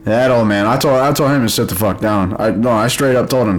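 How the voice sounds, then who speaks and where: A young man hosting his own show, telling stories in a blunt, profanity-heavy, loud casual rant with frequent laughs. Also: fairly low pitch, fairly quick, soft background music. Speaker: podcast host. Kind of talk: casual ranting monologue.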